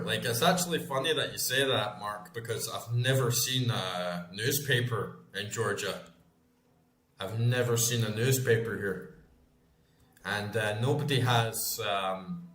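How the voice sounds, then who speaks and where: A man's voice: on the low side, measured pace, fairly bright tone, reverberant. A Scottish man in his thirties, a gaming streamer chatting casually and rambling as he plays, swearing freely. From Scotland. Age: 30s. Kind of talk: casual chat while gaming.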